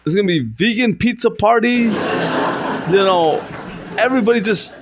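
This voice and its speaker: A man's voice: moderate pace, a loud crowd, very noisy. A man rambling through an improvised, self-mocking comedy monologue, with fillers and restarts. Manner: rambling, self-mocking, with sudden squeaky fake sobbing. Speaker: comedy vlogger. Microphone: close to camera.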